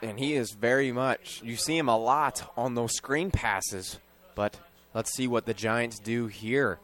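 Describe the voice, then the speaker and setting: A young man calling high school football play-by-play, his voice climbing sharply on big plays. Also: a little slow, a bit bright. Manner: rises sharply in pitch and volume on big plays. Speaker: play-by-play commentator.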